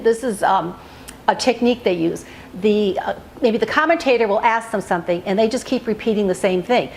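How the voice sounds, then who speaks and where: A woman hosting a self-help video, speaking gently and soothingly and coming back to the same key phrases again and again. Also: on the high side, a little hiss or hum. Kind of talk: calm self-help teaching to camera.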